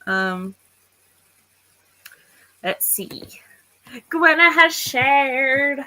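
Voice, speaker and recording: Slow-talking, bright-voiced woman streamer. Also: medium pitch, lively intonation, rough recording. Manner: chatty, thinks aloud, reads writing aloud. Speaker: livestream host of writing sprints. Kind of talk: casual livestream chat.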